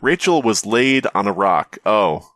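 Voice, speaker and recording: A man with a lowish voice reads a horror story aloud for a comedy podcast, breaking off for puns and jokes. His pitch swings a lot as he goes. The sound is dry and close, with no room echo. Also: very animated, measured pace, fairly bright tone. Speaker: podcast co-host. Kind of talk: comedic reading of a creepypasta.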